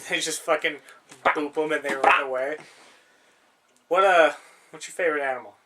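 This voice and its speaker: A man's voice: fairly high pitch, moderate pace, pushed and bright. A young man co-hosting a podcast in casual chat, rambling and swearing freely, laughing often. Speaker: podcast co-host.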